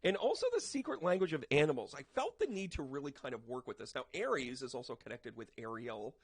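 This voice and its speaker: A man's voice: medium pitch, very animated, quick pace, husky, no echo. A man, a medium, chatting casually and animatedly as he gives a tarot reading to his viewers, with jokey asides. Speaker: psychic medium and tarot reader.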